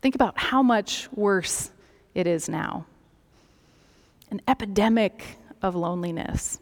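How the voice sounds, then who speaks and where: A woman preaching a sermon in a slow, gentle, reflective way, dropping some phrases to a soft near-whisper. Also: mid-range voice, expressive. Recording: long reverb of a large hall.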